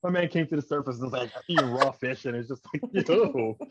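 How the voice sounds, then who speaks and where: A man's voice: mid-range voice, fast, crowd noise. A man talking casually as a podcast guest, loosely and with lots of "like". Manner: loose, filler-heavy speech with lots of "like". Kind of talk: casual chat. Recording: dry, dull lo-fi sound.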